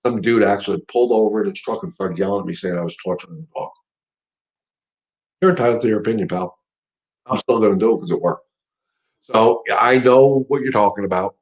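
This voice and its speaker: A man's voice: fairly low pitch, brisk, pauses often, husky, dull audio. A middle-aged man hosting a live dog-training Q&A, talking casually and emphatically, repeating his points as he coaches. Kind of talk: casual live-stream talk.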